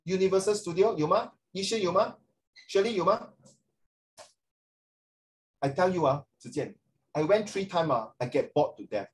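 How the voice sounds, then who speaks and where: A man's voice: high-pitched, animated, moderate pace, pauses often, rough recording. Singaporean man teaching a class. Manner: chatty, peppers talk with rhetorical tag questions. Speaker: social studies teacher. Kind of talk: classroom lecture.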